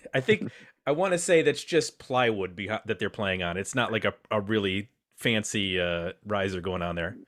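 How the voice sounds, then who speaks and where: A man's voice: on the low side, moderate pace, a bit bright. A man hosting a casual podcast roundtable, chatty and self-deprecating as he introduces his guests. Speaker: podcast host.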